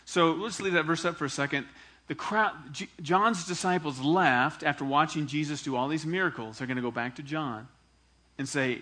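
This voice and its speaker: Bright-voiced man preaching a lively sermon. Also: fairly high pitch, normal speed. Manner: animated preaching, acts out quoted dialogue. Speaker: pastor.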